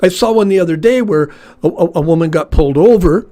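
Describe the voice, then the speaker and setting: A retired man co-hosting a casual talk show, rambling and animated as he tells stories. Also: high-pitched, fast talker. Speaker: podcast co-host. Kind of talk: casual chat.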